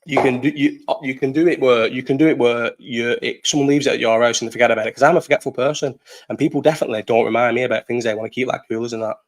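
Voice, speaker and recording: A man's voice: medium pitch, steady tone, rapid-fire. A young man from Bolton with a Northern English accent, hosting a casual live chat in a rambling, sweary way and laughing often. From Bolton, England. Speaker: live stream host.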